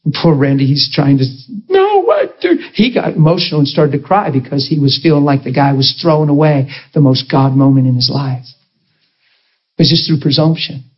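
A man's voice: medium pitch, steady tone, normal speed, husky, dull audio. A man preaching to a congregation and telling an emotional story, acting out the voices of the people in it. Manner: emotional, acts out quoted voices. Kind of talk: storytelling sermon.

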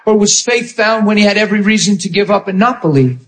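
A man preaching a sermon with impassioned storytelling, acting out scenes and often shouting. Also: sits high, fast talker.

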